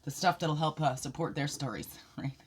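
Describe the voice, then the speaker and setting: A woman's voice: low-pitched, moderate pace, a little hiss or hum. Rambling woman reading spirit cards. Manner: rambling, expressive, laughs and sighs often. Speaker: oracle card reader. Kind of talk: casual spiritual card reading.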